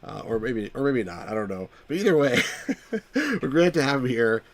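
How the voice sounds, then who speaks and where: A man's voice: medium pitch, very animated, brisk. A man hosting a live game stream, rambling casually and poking fun at himself while chatting with viewers. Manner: rambling, self-mocking, chuckles often.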